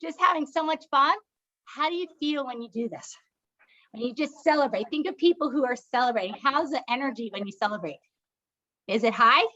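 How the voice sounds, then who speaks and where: A woman's voice: sits high, fairly quick, pushed and bright, highs cut off. A woman leading a laughter yoga session as instructor and doctor, coaxing the group along in an upbeat way with bursts of laughing and cheering.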